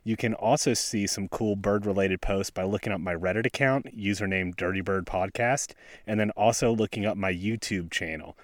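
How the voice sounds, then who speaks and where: A man with a West Virginian accent hosts his podcast from a snowy forest, talking in a laid-back, self-deprecating way. His voice sits on the low side. It is recorded close and dry, with little room sound. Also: moderate pace, dry recording. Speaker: podcast host. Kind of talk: casual outdoor podcast talk. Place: snowy forest outdoors by a stream.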